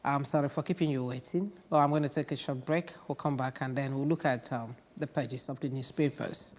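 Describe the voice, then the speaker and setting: A woman hosting a TV newspaper review, her voice rough from a cold, reading headlines aloud with short pointed asides. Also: very deep voice, steady tone, a little fast, a little mellow, big-room sound. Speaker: TV morning show host.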